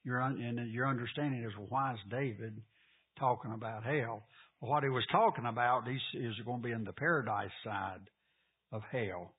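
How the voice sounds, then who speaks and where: A man's voice: medium pitch, moderate pace. A man teaching a Bible class, quizzing his listeners and repeating the key points. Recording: phone-like lo-fi, husky.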